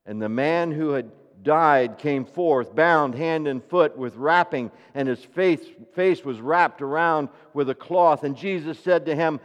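A man preaching a sermon, asking the congregation rhetorical questions and swinging between hushed, near-whispered passages and loud, ringing declarations. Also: unhurried, hardly any pauses. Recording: reverberant hall, dull low-fidelity sound.

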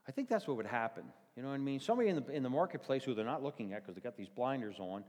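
A male pastor delivers a folksy sermon with a lively, swinging pitch. His voice carries a long reverb, as if filling a church hall. He tells everyday stories in an animated way. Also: rapid-fire.

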